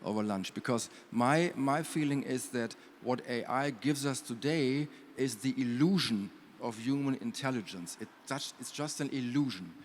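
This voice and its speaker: A man with a mid-range voice speaks in a measured, deliberate way on a conference panel. Long hall reverb surrounds him, with faint room noise underneath. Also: mid-range voice. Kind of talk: panel discussion.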